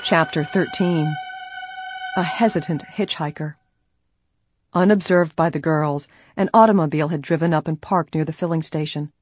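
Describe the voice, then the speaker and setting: A woman narrating an audiobook in a steady, even storytelling manner. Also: low-pitched, normal speed, breathy edge, no echo, soft background music. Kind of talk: scripted narration.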